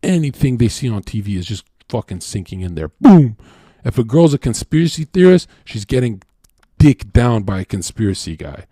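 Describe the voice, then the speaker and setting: A man's voice: fairly low pitch, sing-song, a little fast, warm tone, slightly rough, no echo. Crude ranting male streamer, dry sound. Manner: crude, profane, keeps asking "right?"; mock-quotes people in sudden voice swings. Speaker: streamer host. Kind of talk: ranting monologue.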